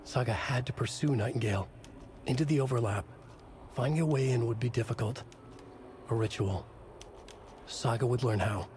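An actor giving measured, brooding noir narration in short fragmented phrases for a video game. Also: male voice, medium pitch, darkish tone, slight background noise, close to an everyday voice. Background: game music.

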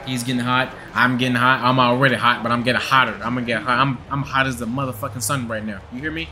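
A man's voice: medium pitch, fairly even intonation, fast, a crowd in the background. A young man giving profane, trash-talking gameplay commentary with a hyped, joking manner. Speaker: gaming video creator.

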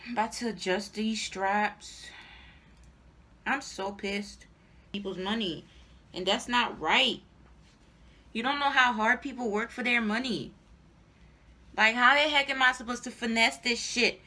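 A woman's voice: fairly high pitch, moderate pace, pushed and bright. A young adult woman giving a casual, exasperated product review to her viewers, repeating herself and swearing. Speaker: hair reviewer vlogger.

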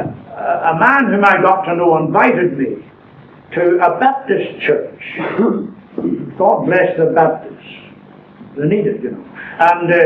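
An older man gives an earnest sermon testimony, taking his time over the key words. His voice sits fairly high for a man and comes from far back in a roomy church. The recording is thin and phone-like, with a faint hiss underneath. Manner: earnest, storytelling, slow deliberate emphasis. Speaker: preacher.

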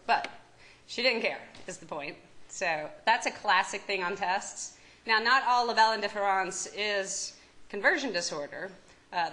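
A woman's voice: lowish voice, pushed and bright, a little hiss or hum, rough recording. A woman with a Kentucky accent giving a medical lecture as a psychiatry professor, talking conversationally, joking and asking the audience questions. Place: lecture room.

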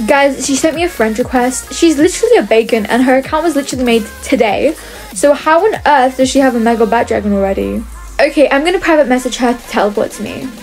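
Playing a game on camera, a young gaming creator chats with her viewers, addressing them as "guys" and easily sounding fed up. Her voice is high but darkish in tone, and faint music runs beneath it.

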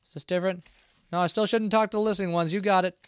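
A man's voice: high voice, fairly even intonation, rapid-fire, clear, resonant tone, no echo. A man streaming live gameplay, talking playfully to the game's characters and rambling aloud to himself as he goes. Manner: playful, jokey, talking back to game characters; rambling self-talk with frequent restarts.

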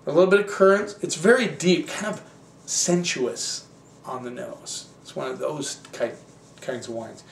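A man hosting a wine show, tasting and reviewing wines in a relaxed, rambling, conversational way. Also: a little high, measured pace, vocal fry, echoey room, far from the mic, slight background noise.

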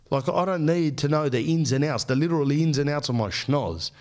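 A man's voice: a little high, brisk, hardly any pauses, darkish tone. A man in his thirties with an Australian accent, telling rambling, profane comic stories as a podcast host. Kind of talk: casual comic monologue.

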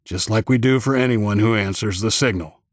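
Man doing a gruff older militia commander, stern, authoritative, low husky voice, dry close sound. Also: moderate pace, no echo, lightly acted. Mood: firm. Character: gray-haired older male militia leader, stern and commanding.

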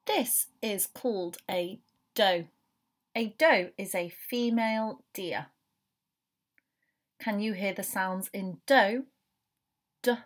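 A woman leads a phonics lesson for young children at a very unhurried pace. She sounds out each letter one at a time, then blends them into the word. Her voice sits at an ordinary middle pitch for a woman. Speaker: teacher.

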